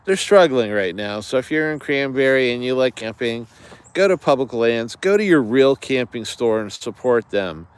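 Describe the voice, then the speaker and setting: A man's voice: mid-range voice, expressive, normal speed, smooth. Chatty man livestreaming outdoors. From United States. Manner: chatty, digressive, many fillers, greets viewers. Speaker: outdoors channel host. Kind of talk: rambling livestream chat. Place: outdoors in woods.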